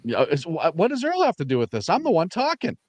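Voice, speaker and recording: Guy on a political panel, kinda high voice, blunt, rambly restarts. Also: huge pitch swings, quick pace, background noise. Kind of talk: heated political panel chat.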